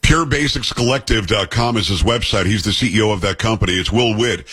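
A middle-aged man hosting a talk radio interview, emphatic and asking pointed questions, with a husky voice. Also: on the low side, a little fast, a bit bright.

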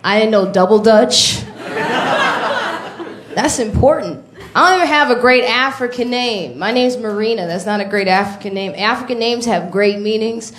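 A woman's voice: a little high, moderate pace. A woman stand-up comedian from Chicago, telling self-deprecating stories in a wry way. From Chicago, USA. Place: live comedy club stage. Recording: echoey live room with loud audience.

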